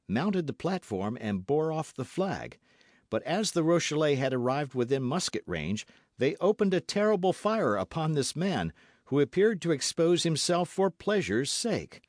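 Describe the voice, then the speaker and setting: A man narrating a classic novel as an audiobook, reading in an expressive, dramatic manner. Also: on the high side, no echo, clean studio sound. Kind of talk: scripted narration.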